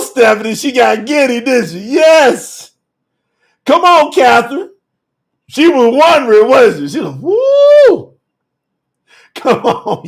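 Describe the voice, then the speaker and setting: A man teaching scripture on a livestream, animated and colloquial, who keeps laughing and calling viewers by name. His voice sits high for a man. It swings widely as he speaks. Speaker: bible teacher.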